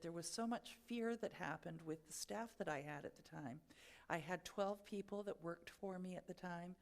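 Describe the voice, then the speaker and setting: A woman giving a sermon at a spiritual centre, telling a personal story in a reflective, gently guiding way and laughing at herself now and then. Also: fairly low pitch, vocal fry. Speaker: spiritual speaker.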